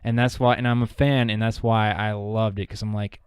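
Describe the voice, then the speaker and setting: A podcast co-host speaks at normal speed in a fairly low, darkish, smooth voice with a level tone. He rambles through casual conversation, restarting often and using many fillers; the studio sound is clean and echo-free.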